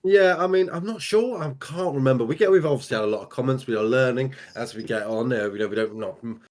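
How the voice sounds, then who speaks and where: Man, medium pitch, easygoing, chatty, casual reaction chat. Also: quick pace, a little mellow. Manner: easygoing, chatty, keeps saying mate, laughs often. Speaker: reaction video co-host.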